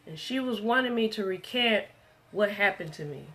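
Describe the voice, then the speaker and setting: A woman's voice: mid-range voice, lively intonation, moderate pace, a bit bright. A woman preaching a livestreamed testimony sermon, earnest and emphatic, driving her points home by repeating them.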